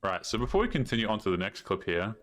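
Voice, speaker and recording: An Australian man with a fairly low voice sets up each clip in a matter-of-fact way. His tone stays plain and direct. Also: very animated, quick pace, a bit bright. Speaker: co-host introducing clips.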